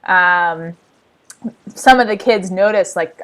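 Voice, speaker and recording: A woman's voice: lowish voice, measured pace. A woman co-hosting a podcast, telling camp anecdotes in casual chat and acting out what people said. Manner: animated anecdote teller who acts out quotes. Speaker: podcast co-host, camp staff.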